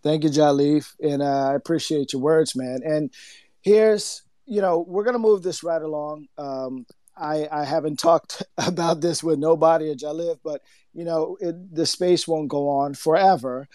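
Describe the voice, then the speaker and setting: A man hosting an online audio chat who talks in a halting way, with many fillers, as he lays out rules. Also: a little high, fairly even intonation, mellow, no room sound, clean studio sound. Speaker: host of an online audio space. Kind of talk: casual announcement.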